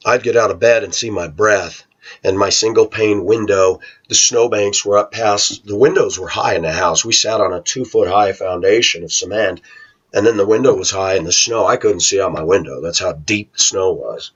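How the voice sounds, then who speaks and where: A man recounting a childhood story in a casual monologue, animated and acting out the voices of others. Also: lowish voice, normal speed, slightly rough. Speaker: vlogger. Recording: dull lo-fi home recording.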